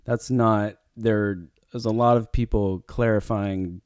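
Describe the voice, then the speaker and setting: Low-voiced man rambling on a podcast. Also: fairly even intonation, slow, a little mellow, clean tone, no echo, studio quality. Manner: rambling, many fillers and restarts. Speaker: podcast host. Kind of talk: casual solo podcast talk.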